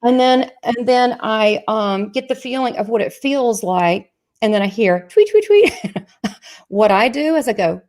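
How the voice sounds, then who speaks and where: A woman with a Southern US accent hosting a live chat show, chatty and excitable, joking about herself and talking fast through asides. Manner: chatty, excitable, self-mocking, sales pitch asides. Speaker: medium and show host.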